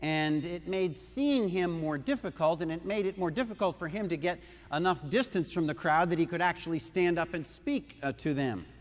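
A man's voice: fairly high pitch, moderate pace, few pauses, long reverb tail. A man preaching a sermon, retelling a story conversationally with asides and questions to the listeners. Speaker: pastor.

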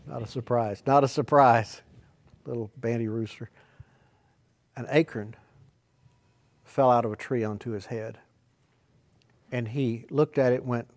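A man preaching a sermon, telling rambling folksy stories and swinging from quiet asides to loud, shouted emphasis. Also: mid-range voice, fairly even intonation, unhurried, long pauses.

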